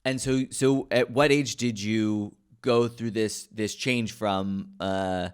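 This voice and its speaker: A man's voice: on the low side, fairly even intonation, slow pace, clean tone. A man hosting a podcast, asking thoughtful, hesitant questions full of fillers. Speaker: podcast host. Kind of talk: casual interview.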